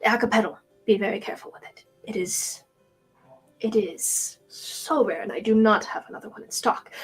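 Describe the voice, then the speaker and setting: A woman's voice: on the high side, slightly rough, rough recording. A woman doing a muttering male alchemist, whispered role-play. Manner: mutters to himself under his breath. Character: mumbling male alchemist shopkeeper, secretive.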